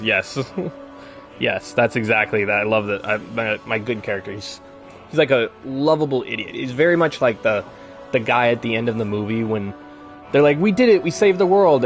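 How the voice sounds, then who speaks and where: A man's voice: lowish voice, a bit bright. A man chatting casually on a live stream, rambling and swearing freely as he rants.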